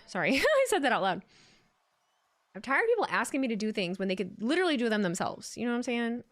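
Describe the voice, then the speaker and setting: A woman's voice: a little high, big pitch swings, fast, a bit bright. A tired woman streamer chatting casually with her viewers, swearing freely as she watches. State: tired, yawning. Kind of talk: casual live-stream chat.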